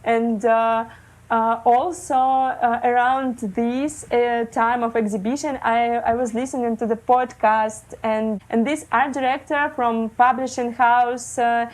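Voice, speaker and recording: Slow, hesitant Russian-born woman. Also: fairly high pitch, fairly even intonation, darkish tone, low-quality recording. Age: 30s. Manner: hesitant, many fillers, non-native phrasing. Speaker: guest, illustrator. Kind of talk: casual interview talk. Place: living in Germany.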